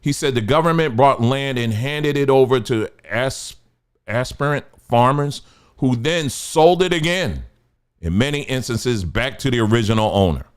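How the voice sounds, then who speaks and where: In a clean, mid-range voice, this man hosts a livestream and gives commentary with emphasis, hammering on his points through repetition and rhetorical questions.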